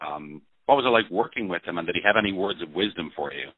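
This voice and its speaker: Casting note: Irish male interviewer, very low voice, dry tinny line. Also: animated, fast, husky, no room sound. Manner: prepared questions, short backchannel replies. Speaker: interviewer, film critic. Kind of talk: interview questions.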